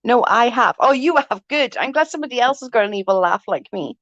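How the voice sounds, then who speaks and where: A woman's voice: on the high side, animated, quick pace, a bit bright, no room sound. A woman in her forties chatting casually with viewers on a livestream, laughing often and swearing freely as she rambles. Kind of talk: casual live chat. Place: at home. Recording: dull, dry lo-fi sound.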